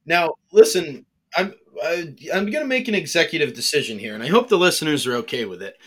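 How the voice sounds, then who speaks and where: Man, American accent, podcast co-host, casual animated banter, runs the segments. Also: fairly high pitch, a little fast. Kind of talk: casual chat.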